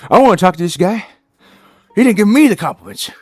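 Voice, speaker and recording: Man doing a sulky dog voice, higher, whiny and put out. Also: sing-song, fast talker, slightly rough, no echo, exaggerated voice. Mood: indignant. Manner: whiny, indignant complaining. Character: grumpy jealous pet dog, male.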